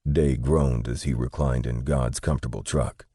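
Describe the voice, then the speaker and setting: A man narrating an audiobook novel in a steady, even storytelling delivery. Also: rumbling low, moderate pace, slightly rough, no room sound, clean studio sound. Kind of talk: scripted narration.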